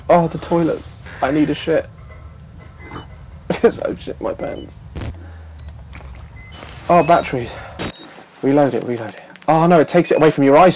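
A man's voice: on the high side, darkish tone, slight background noise. A man commentating a horror game, jumpy, swearing a lot and laughing nervously. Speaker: gamer.

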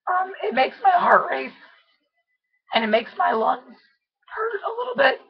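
Speaking a bit slowly in a sing-song way, this young woman records a casual video diary despite laryngitis. Her voice comes out scratchy, squeaky and hoarse, strained nearly to a half-yell, slightly out of breath, on dull-sounding audio.

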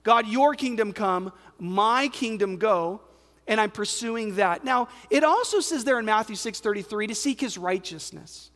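This American pastor speaks at a measured pace in an animated, high-pitched, fairly bright voice. Preaching in a reverberant hall, he stays conversational yet emphatic and questions the crowd.

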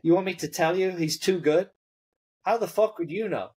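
A man acting out a furious shouting tennis coach. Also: high-pitched, normal speed, breathy edge, voice pushed up. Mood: exasperated. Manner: shouting, exasperated. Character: furious male tennis coach yelling at his player.

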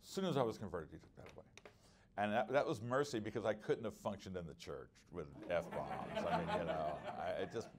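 A man's voice: sits low, brisk, hardly any pauses, a little hiss or hum. A middle-aged man teaching at a conference workshop, earnest and conversational, with frequent restarts and personal stories. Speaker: preacher.

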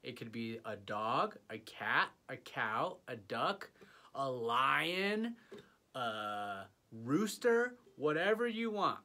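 Slow, playful children's music teacher. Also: male voice, medium pitch, sing-song, bright, forceful tone. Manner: slow, playful, inviting kids to join in. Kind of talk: early childhood music lesson.

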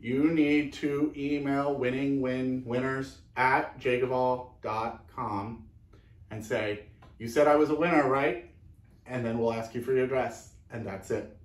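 A man's voice: medium pitch, fairly even intonation, measured pace. A man hosting his channel, chatting casually and joking while reading comments aloud. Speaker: channel host. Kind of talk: casual chat. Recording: echoey room, mic at a distance.

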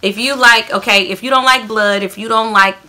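A woman with a Southern US accent chatting excitedly to her viewers in a casual beauty favorites vlog, calling them y'all and fam. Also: a little high, normal speed. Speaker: beauty vlogger.

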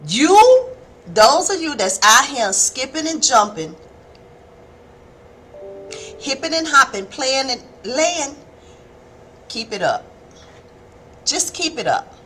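A middle-aged woman, preaching a folksy, animated devotional sermon on a live stream and calling her listeners baby and honey. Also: sits high, takes it slowly, long pauses, slight background noise. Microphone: phone or webcam on a live stream.

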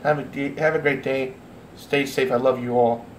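This vlogger, a man whose mid-range voice keeps a steady tone at normal speed, delivers an angry rant to camera, swearing frequently and tripping over restarts. The recording sounds echoey, with faint background noise.

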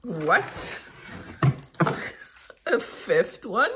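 Slow, giggly woman gushing over mail. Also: fairly low pitch, big pitch swings, noisy background. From Canada. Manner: giggly, gushing, laughs a lot. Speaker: vlogger opening mail. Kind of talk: casual unboxing chat. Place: at home by a table.

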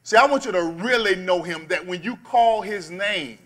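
A male pastor preaching a sermon, calling on the congregation to shout back and drawing out key words. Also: high-pitched. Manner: call-and-response preaching, slows and stresses key words.

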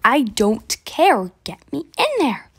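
A woman's voice: fairly high pitch, big pitch swings, slow pace, breathy edge, exaggerated voice. A woman voicing a snobby rich woman in a game role-play skit, talking in a haughty, dismissive, bossy way.

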